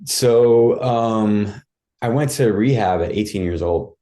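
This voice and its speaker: Speaking slowly in a lowish, warm voice, a man relates his life story on a podcast where he's a guest. The storytelling is casual and open, rambling, peppered with fillers and restarts.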